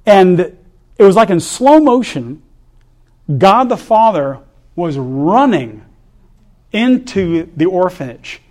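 Male preacher, slightly high voice, animated storyteller, sermon testimony. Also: slow, pauses often. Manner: animated storyteller, laughs between lines.

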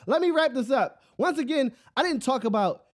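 A man with a very high voice hosts his own show and rants in a loose, rambling way. He keeps asking if you follow him and often laughs at his own jokes. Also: moderate pace. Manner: rambling, animated, repeats "you know what I'm saying". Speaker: podcast host. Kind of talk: solo casual rant.

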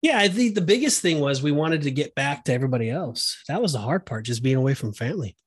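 A man's voice: a little high, expressive, fast, breathy edge, no echo, studio quality. A man hosting a podcast in casual chat, talking in a rambling way with plenty of fillers and restarts. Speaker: podcast host.

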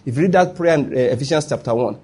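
Husky Nigerian pastor preaching emphatically. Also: male voice, medium pitch, quick pace, darkish tone. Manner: emphatic, keeps asking if listeners follow. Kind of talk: sermon.

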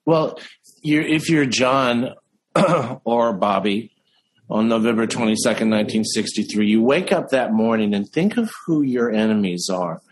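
A man chatting casually as an interview guest, an animated storyteller who slows down for emphasis. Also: mid-range voice, low-quality recording. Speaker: impressionist guest.

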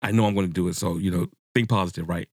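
A man hosting a casual book-discussion podcast, talking to his listeners in a rambling, excitable way and swearing freely. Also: low-pitched, rapid-fire, no room sound, studio quality. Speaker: podcast host.

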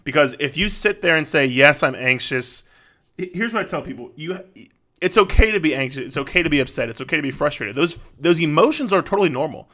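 A man's voice: on the high side, expressive, quick pace, a bit bright. A man in his thirties hosting a podcast, talking through advice in a casual, conversational way, often repeating words and checking in with "right?". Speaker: podcast host.

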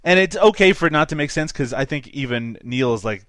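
A young man hosting a casual movie review podcast, animated and profane, laughing often. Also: a little high, brisk, no room sound, studio quality. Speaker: podcast host.

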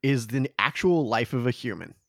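A podcast co-host chats about a movie, dropping dry, deadpan jokes. The pitch swings widely from line to line. The recording is close and dry. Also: normal speed, gravelly, no echo. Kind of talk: casual movie recap chat.

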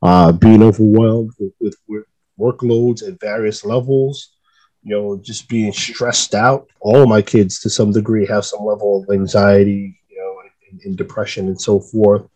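Halting, stammering father in casual chat. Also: fairly low pitch, flat delivery, dark tone, poor audio. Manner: halting, repeats words. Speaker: podcast guest, father.

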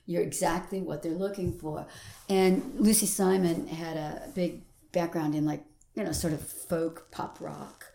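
An older actress chatting in an interview, animated and playing out every voice in her stories. Her speaking voice sits slightly low. The recording carries a noticeable roomy echo. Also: measured pace, gravelly, a little hiss or hum. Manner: animated storyteller who acts out quoted voices and laughs often. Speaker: stage actress guest. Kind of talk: casual interview chat.

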